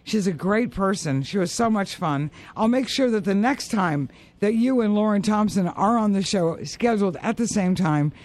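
A woman hosting a golf radio show, eager and effusive with her guest. She chats casually and keeps the talk lively. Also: mid-range voice, moderate pace, hardly any pauses, dry recording. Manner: laughs often, eager and effusive. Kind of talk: casual interview chat.

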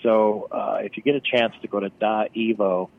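A travel writer telling chatty, wry stories on a radio call. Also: male voice, on the low side, flat delivery, normal speed, gravelly, narrow, tinny audio. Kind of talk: phone-in radio chat. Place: on location outdoors by phone.

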